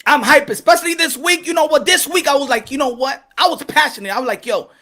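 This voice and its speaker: A man's voice: extremely high pitch, quick pace, pushed and bright. A man hosting a casual boxing livestream, rambling and cussing, laughing and repeating himself as he talks to the chat. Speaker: boxing channel host.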